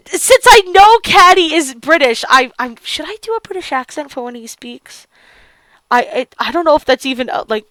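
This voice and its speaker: A woman's voice: sits high, a bit bright, dry recording. A woman streamer reading a visual novel aloud and reacting with gasps and laughs. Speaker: let's play streamer.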